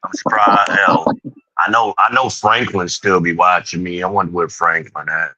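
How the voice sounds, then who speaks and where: Bright-voiced man in a casual chat. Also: sits low, fairly even intonation, normal speed, no echo, lo-fi sound. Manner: loose, profane, laughs often. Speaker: podcast host.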